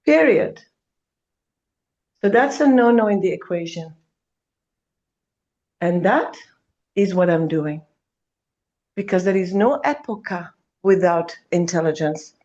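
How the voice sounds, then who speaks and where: Woman giving a fiery spiritual talk, slow and deliberate, kinda muffled lo-fi audio. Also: fairly low pitch, expressive, a little mellow. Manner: emphatic, calls listener darling, swears. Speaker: spiritual speaker.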